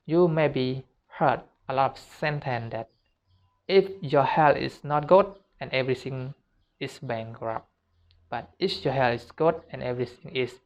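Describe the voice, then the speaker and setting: A man giving a motivational self-help talk in earnest, repetitive, simple phrasing of a non-native speaker. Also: medium pitch.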